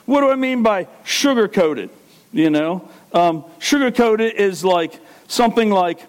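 A middle-aged male pastor giving a conversational sermon, dropping into low asides and rising into loud emphatic preaching. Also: expressive, moderate pace.

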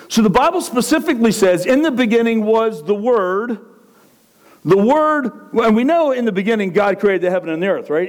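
A man preaching a sermon in a conversational, animated way, often checking in with asides to his listeners. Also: very high-pitched, normal speed. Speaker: pastor.

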